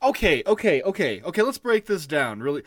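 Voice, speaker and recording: A man's voice: fairly high pitch, very animated, a little fast, a bit bright, no echo, studio quality. A man co-hosting a podcast in casual chat, ranting with lots of swearing and breaking into giggles. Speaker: podcast co-host.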